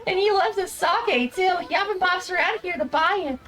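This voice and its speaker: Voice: very high voice, moderate pace, bright, forceful tone, soft background music, pitched above the performer's own voice, low-quality recording. A streamer voicing a cheerful young woman who brews sake, chatty and friendly, reading game dialogue aloud.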